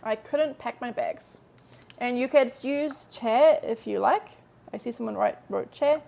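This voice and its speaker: On a live stream, a chatty woman teaches Korean step by step in a slightly high, somewhat mellow voice with a gravelly fry. Whenever she models an English translation, she slows way down.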